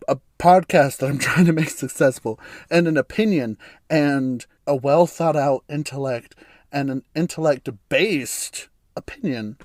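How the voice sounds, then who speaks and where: A man's voice: fairly high pitch, a little mellow, no echo, clean studio sound. A man hosting a solo podcast, talking candidly and bluntly, swearing freely and laughing often. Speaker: podcast host. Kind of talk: casual solo podcast monologue.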